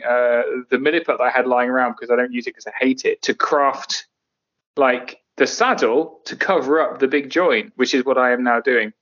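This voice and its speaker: A man's voice: mid-range voice, a bit bright. A middle-aged man from England co-hosting a podcast, chatting casually, joking and rambling with frequent laughs. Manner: jokey, rambling, laughs often. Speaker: podcast co-host. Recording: muffled lo-fi podcast audio.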